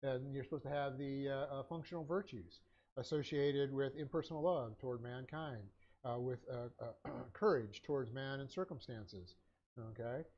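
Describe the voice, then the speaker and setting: A man's voice: mid-range voice, moderate pace, muffled recording. A man teaching a Bible class, dictating notes with punctuation and many hesitant fillers.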